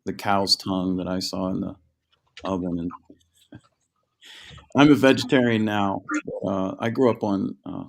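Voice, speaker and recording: A man with a lowish voice and a gravelly fry hosts a livestreamed book talk over a video call. He speaks in an easygoing, hesitant way, filling his pauses. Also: fairly even intonation. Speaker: host. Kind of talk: moderating a livestream Q&A.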